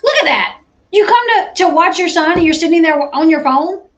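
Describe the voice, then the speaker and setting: Blunt, high-voiced woman commentator. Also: lively intonation, brisk, highs cut off. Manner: blunt, incredulous and opinionated. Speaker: commentary channel host. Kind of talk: reaction commentary.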